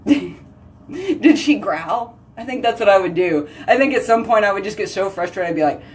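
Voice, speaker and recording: Woman host, casual chat, filler-heavy, animated and talkative. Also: mid-range voice, normal speed. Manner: chatty, heavy use of "like", animated exclamations.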